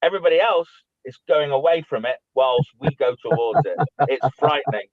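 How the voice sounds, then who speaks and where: A man co-hosts a casual talk show with a slightly high voice. He talks in an animated way and repeats words when he gets stuck. The sound is thin and phone-like, with no room around it. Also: brisk, dry recording. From United Kingdom. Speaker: co-host. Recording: dry tinny phone-like line.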